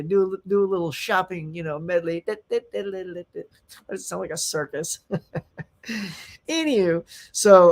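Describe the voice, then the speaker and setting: A man hosting a casual live chat show, rambling and animated, reading out viewer comments and laughing often. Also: high-pitched. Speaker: livestream host.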